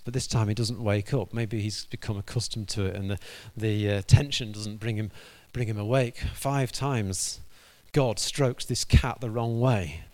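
A man's voice: on the low side, a little mellow. A man preaching a sermon, telling a story with animation and acting out the dialogue.

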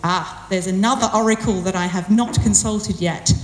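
A woman delivers a personal sermon in a chatty, self-deprecating way, leaning on words with playful emphasis. Her voice sits at a middling pitch. It rings through a roomy hall with a long reverb tail. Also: fairly even intonation, normal speed. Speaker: church speaker.

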